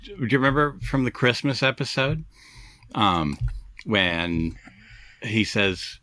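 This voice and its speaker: A middle-aged man hosting a casual podcast chat, rambling with halting restarts. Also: on the low side, animated, pushed and bright, dry recording. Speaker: podcast host.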